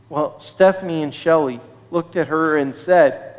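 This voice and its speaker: Service leader narrating a kids' story: lively, high, unhurried, in a reverberant hall. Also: male voice. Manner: expressive, slow storytelling to children. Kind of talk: children's story at a synagogue service. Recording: reverberant sanctuary livestream.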